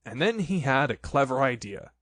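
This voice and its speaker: A man reads a children's storybook aloud, expressive and playful. His voice rises and falls a lot. The sound is dry and close. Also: medium pitch, normal speed, no room sound. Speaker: narrator.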